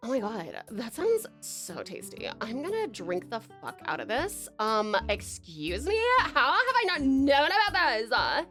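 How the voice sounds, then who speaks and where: Bubbly high-voiced woman streamer. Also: huge pitch swings, unhurried, hardly any pauses, pushed and bright, soft background music. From Tasmania, Australia. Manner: bubbly, gushing, swears, calls viewers darling. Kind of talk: live stream chat reading.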